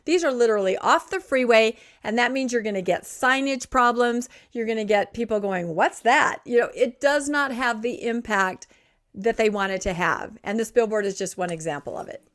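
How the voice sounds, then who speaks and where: A woman from Utah co-hosts a casual podcast chat. Her voice sits a bit high, and she talks in an animated, expressive way, ranting with energy. She comes across loose and candid. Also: moderate pace. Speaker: podcast co-host.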